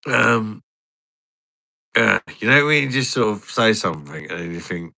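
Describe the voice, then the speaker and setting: A man's voice: fairly low pitch, lively intonation, moderate pace, creaky, sharp tone, no echo, studio quality. A man chatting casually with viewers, rambling, swearing and laughing often. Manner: giggly, swears a lot, rambling. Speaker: streamer.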